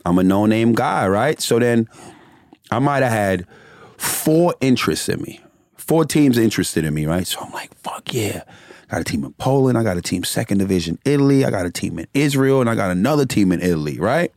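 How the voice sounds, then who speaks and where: A man's voice: fairly low pitch, animated, brisk, a little mellow, dry recording, clean studio sound. A middle-aged man telling his story in casual, profane conversation and laughing often as he talks.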